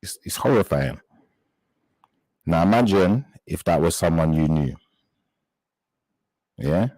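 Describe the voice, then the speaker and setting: A man with a very deep, low voice hosts a live chat and speaks straight to his viewers. He sounds indignant and halting, often stopping to search for words. The recording is dry and close, with little sound of the room. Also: animated, dark tone, no room sound, rough recording. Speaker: live stream host.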